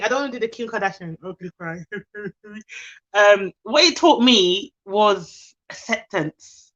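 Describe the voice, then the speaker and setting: A woman's voice: mid-range voice, a little slow, a bit bright, muffled recording. A woman hosting a live stream, talking candidly and from the heart to her viewers and reading out their comments. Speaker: livestream host. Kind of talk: casual live chat to viewers.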